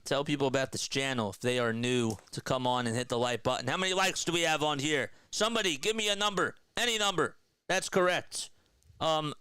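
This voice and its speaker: A man doing live baseball play-by-play for a stream, trading energetic banter with viewers between pitches. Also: clear, resonant tone, no echo.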